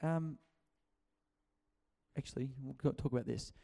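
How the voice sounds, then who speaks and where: A man's voice: mid-range voice, measured pace, creaky, dark tone. A man preaching a conversational sermon, acting out quotes and often restarting his sentences. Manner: chatty, acts out quotes, many restarts.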